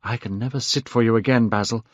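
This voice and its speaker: A man's voice: medium pitch, steady tone, fast, no echo, close to an everyday voice. A man reading aloud, voicing a secretive, frightened young man who pleads in a raised, urgent voice. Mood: pleading. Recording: dull, dry lo-fi recording.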